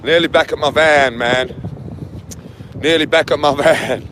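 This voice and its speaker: A man's voice: a little high, fairly even intonation, a little slow. A man in his forties vlogging outdoors on a windy seafront, talking in a goofy sing-song way in daft put-on accents. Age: 40s. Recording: heavy wind noise on mic.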